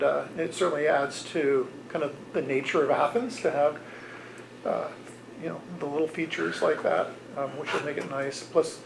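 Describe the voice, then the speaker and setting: A gravelly, fairly high-pitched man speaks as mayor at a council meeting. He is measured and halting, often pausing on fillers. Faint noise sits under his voice.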